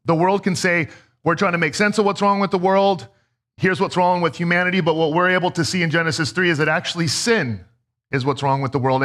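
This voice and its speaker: A man in his thirties preaching a sermon as a pastor, telling stories in a conversational, self-deprecating way. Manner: conversational, self-deprecating storytelling with lively pitch swings.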